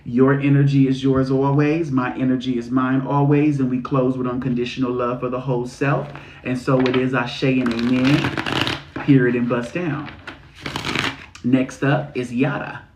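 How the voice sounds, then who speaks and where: A man giving spiritual readings on a livestream, talking in a sassy, slangy, animated way. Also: medium pitch, moderate pace, a little hiss or hum. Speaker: spiritual reader. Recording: echoey room.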